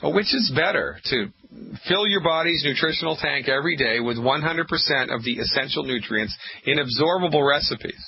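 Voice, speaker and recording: A man's voice: mid-range voice, animated, a little fast, creaky, a little hiss or hum. A man hosting a call-in radio health show, emphatic and preachy, repeating lines for effect. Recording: muffled lo-fi radio audio.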